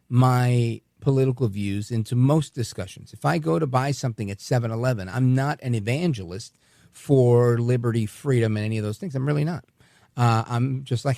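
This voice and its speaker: A man's voice: medium pitch, gravelly, a little mellow, no room sound, clean studio sound. A man hosting a talk radio show, telling a story in a casual monologue. He often stumbles and repeats words as he starts sentences.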